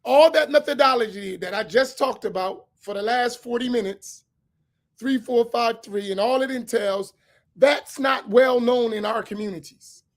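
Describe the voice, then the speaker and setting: A man's voice: very high voice, normal speed. A man speaking as an imam, giving an emphatic lecture-style sermon and repeating his key points. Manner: asks for slides to be put up.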